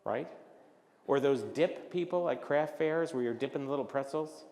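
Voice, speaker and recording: A man giving a business presentation at a luncheon, animated and jokey, acting out little voices as he talks. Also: mid-range voice, moderate pace, big-room sound. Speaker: luncheon speaker. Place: event hall.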